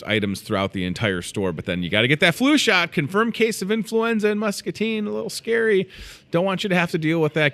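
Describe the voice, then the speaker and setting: A man in his thirties hosting a live morning show from inside a grocery store, chatty and excitable with joking asides. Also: medium pitch. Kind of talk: casual live show chat.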